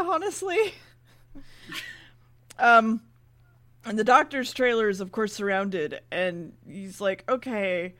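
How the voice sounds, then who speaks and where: Woman, podcast co-host, casual swearing recap, lively quoted voices, somewhat high pitch. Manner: swearing, animated retelling with quick character voices. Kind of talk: casual chat.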